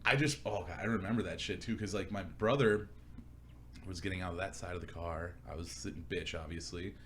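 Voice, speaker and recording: A man's voice: low-pitched, brisk, fairly bright tone, slight background noise. A young man co-hosting a casual chat, telling crude stories with lots of laughter and animation. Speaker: podcast co-host.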